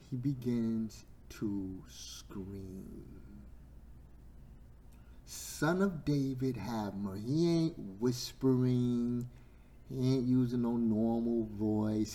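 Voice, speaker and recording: Man, preacher, sermon, hoarse throat, slow, middle pitch. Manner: builds to shouting, stretches words, sore throat.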